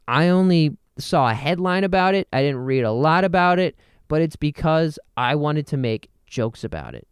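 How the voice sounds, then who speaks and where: A man's voice: mid-range voice, clear, resonant tone, no room sound. A young adult man hosting a solo podcast, rambling and joking as he jumps from thought to thought, talking into a close mic. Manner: rambling, jokey, self-interrupting. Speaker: podcast host. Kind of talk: solo comedic podcast monologue.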